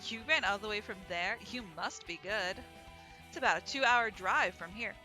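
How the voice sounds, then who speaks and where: A woman voicing a tough, stern female sparrow who rides a scooter, talking gruffly and lecturing. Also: mid-range voice, normal speed, pushed and bright, faint music behind, close to an everyday voice.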